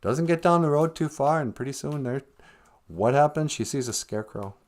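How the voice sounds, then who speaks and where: Male live-stream storyteller, casual and animated, very expressive pitch. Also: moderate pace. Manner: animated and casual, humming and singing snatches.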